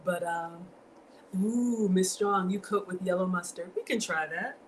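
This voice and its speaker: Speaking in a lowish voice at a measured pace, a middle-aged woman with a Southern US accent makes casual conversation with her livestream audience from her home kitchen. She's chatty, names viewers as she greets them, and reads out their comments. The low-quality recording carries slight background noise.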